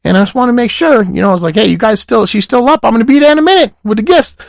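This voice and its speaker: A man voicing a raspy, burnt-out party guy who rambles with fillers and asides in a comic monologue. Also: very high-pitched, very fast, no echo, studio quality. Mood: rambling.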